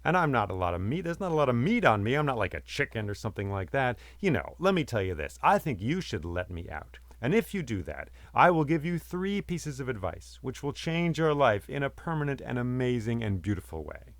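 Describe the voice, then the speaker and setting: A man's voice: medium pitch, big pitch swings, fairly quick, few pauses, dry recording. A man voicing a clever, chatty male songbird that teases and coaxes a human in a spoken folktale. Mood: coaxing. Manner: chatty, teasing, talks the man round. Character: cheeky talking male songbird, clever trickster.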